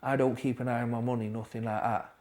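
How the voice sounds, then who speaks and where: A man, a podcast guest quietly telling his recovery story in a halting way, with restarts. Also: medium pitch, little pitch movement. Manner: quiet, halting storytelling with restarts, dropping softer at hard moments.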